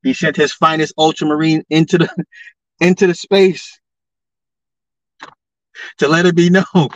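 A man on his podcast rants through social commentary, stacking one rhetorical question on another and jumping up in pitch when he gets heated. His voice sits fairly high for a man. It is recorded dry and sounds dull and lo-fi. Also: fairly even intonation, measured pace, pauses often, dry recording. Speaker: podcast host.

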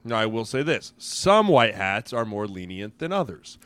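A former football lineman in his thirties telling animated stories on a casual sports podcast, acting out the quotes. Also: lowish voice, normal speed, clear, resonant tone. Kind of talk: casual sports chat, storytelling.

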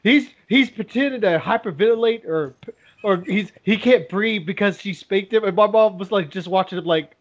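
Guy with a high voice, chatty, laughs a lot, muffled lo-fi audio. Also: normal speed. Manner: laughs through his stories. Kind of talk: casual chat.

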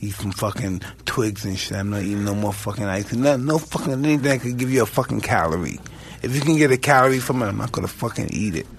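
A man in his fifties hosting a casual talk show, swearing constantly and swinging from low mutters to loud outbursts. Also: quick pace, a little hiss or hum. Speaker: podcast host. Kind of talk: casual profane chat.

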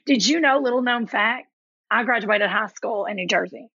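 A woman's voice: fairly high pitch, normal speed, pushed and bright, husky, lo-fi sound. A woman from Kentucky with a Southern accent, chatting animatedly as a podcast guest and calling people honey. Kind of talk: casual chat.

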